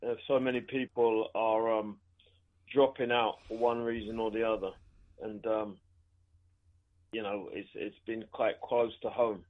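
A male caller comes through a tinny, phone-like line. His voice stays level and flat in pitch, and he speaks in a measured way, often pausing on fillers. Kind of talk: phone-in call.

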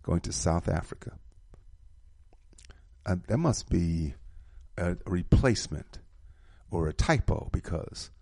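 Low gravelly man reading announcements. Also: animated, slow, pauses often, darkish tone, dry recording, clean studio sound. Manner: preacherly, emphatic, repeats key details. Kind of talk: radio-style community announcements.

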